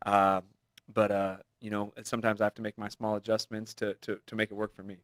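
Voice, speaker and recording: Guy in his 30s, fighter guest, rattles off stories real fast, lowish voice, dry studio. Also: flat delivery, dry recording. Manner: rapid, loose, laughs easily. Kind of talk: casual interview.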